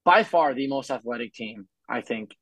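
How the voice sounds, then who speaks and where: A man's voice: mid-range voice, lively intonation, normal speed, fairly bright tone, slightly rough, dry recording, dull audio. Enthusiastic man, dry close sound. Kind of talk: casual sports chat.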